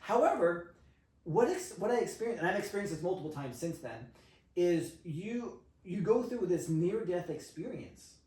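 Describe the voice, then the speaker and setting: A man with a fairly high voice tells a long personal story in lively, casual podcast conversation at normal speed, swearing freely. He sounds set back from a distant mic, and the roomy space around him rings noticeably.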